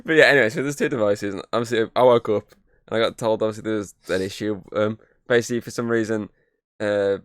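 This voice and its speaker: Fast-talking, sweary male podcast host. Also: on the low side, steady tone, clear, resonant tone, dry recording, clean studio sound. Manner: rambling, sweary, repeats "obviously". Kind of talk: casual chat, anecdote.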